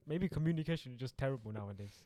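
A young man in casual chat, animated and slangy, swearing and laughing freely. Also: medium pitch, very fast, no echo. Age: young adult.

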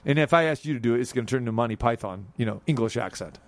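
A man's voice: mid-range voice, racing, no room sound. A man hosting a sports radio show, chatting casually, joking and rambling about hockey. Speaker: radio sports talk host.

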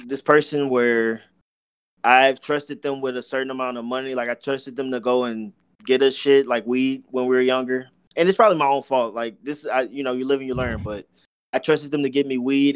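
A man's voice: mid-range voice, clear, resonant tone, no echo. A young man, a podcast co-host telling a story in casual chat, rambling and swearing with many fillers.

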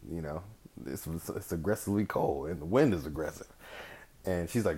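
A man's voice: low voice, moderate pace, dark tone, husky. A man hosting a podcast solo in a casual, rambling way, with loose slang and frequent swearing. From California. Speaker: podcast host.

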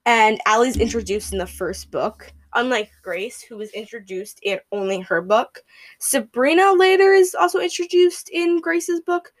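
Young woman, casual podcast host, rambling and excited, fillers throughout, dry close sound. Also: on the high side, moderate pace, no echo. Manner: gushing, rambling with many fillers and "like". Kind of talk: casual book review chat.

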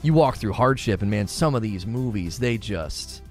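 A man's voice: fairly low pitch, lively intonation, moderate pace. Earnest man chatting over faint music. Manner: earnest, openly emotional, repeats himself. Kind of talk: casual chat.

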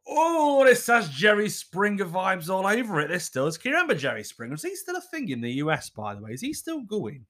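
A man's voice: sits high, huge pitch swings, brisk, hardly any pauses, fairly bright tone. A man hosting a comic podcast, reading letters aloud with sweary, laughing asides. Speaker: podcast host.

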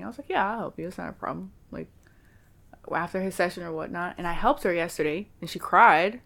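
A woman in casual conversation, telling stories in a lively, chatty way and acting out the voices of the people she quotes. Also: on the low side, fairly quick. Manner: chatty, animated storytelling with quoted dialogue. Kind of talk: casual chat.

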